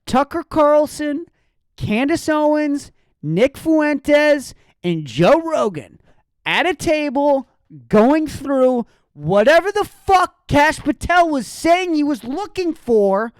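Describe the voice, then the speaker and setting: A woman's voice: high voice, very animated, takes it slowly, no echo. A woman hosting a solo podcast, ranting in a heated, sarcastic and profane way. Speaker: podcast host.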